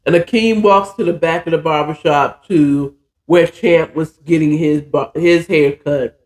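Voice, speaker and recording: Slow-talking man recapping a story. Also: fairly high pitch, a little mellow. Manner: loose and digressive, with side comments and swearing. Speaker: podcast host. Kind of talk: casual retelling of a novel chapter. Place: alone in a room. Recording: echoey room.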